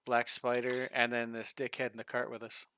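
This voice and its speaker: A man's voice: medium pitch, monotone, fairly quick, pushed and bright, a little hiss or hum. A man playing a tabletop game, casually running through a list. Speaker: player.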